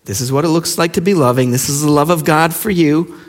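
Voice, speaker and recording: A male pastor preaching a sermon with passion, firing rhetorical questions and dropping to hushed lines. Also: on the high side, a little fast. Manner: impassioned, with rhetorical questions and sudden hushed drops. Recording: long reverb of a large hall.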